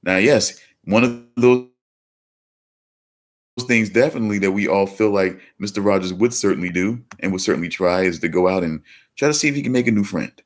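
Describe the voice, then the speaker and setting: A deep-voiced man hosting a casual livestream. He rambles along, restarting sentences and repeating words such as "certainly" as he talks to his viewers. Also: a little fast. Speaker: livestream host.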